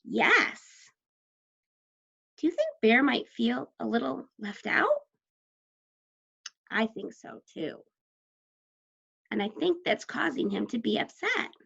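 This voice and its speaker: Gravelly-voiced woman teacher asking questions. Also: fairly high pitch, sing-song, takes it slowly, long pauses, fairly bright tone, muffled recording. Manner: patient, asks questions. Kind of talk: guiding a class through a story.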